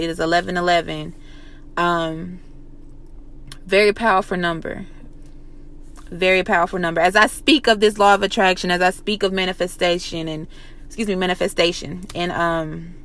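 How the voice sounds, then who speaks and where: A woman's voice: mid-range voice, fairly bright tone. Profane, pep-talking woman. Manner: blunt, profane, repeats phrases for emphasis. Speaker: motivational vlogger. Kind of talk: casual motivational pep talk.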